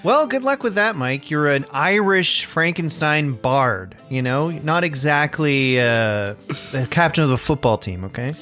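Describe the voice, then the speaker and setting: A man's voice: a little high, animated, measured pace, pushed and bright, soft background music. A man playing a cocky, mocking part-tiger man in a tabletop game. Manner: cocky, taunting. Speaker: podcast host, player.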